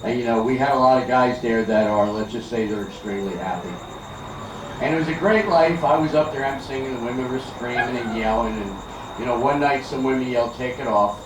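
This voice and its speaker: An older stand-up comedian from Philadelphia works a backyard party crowd, chatty and teasing as he tells stories. His medium-pitched voice moves a little fast, and the outdoor recording is distant and echoey, surrounded by party noise.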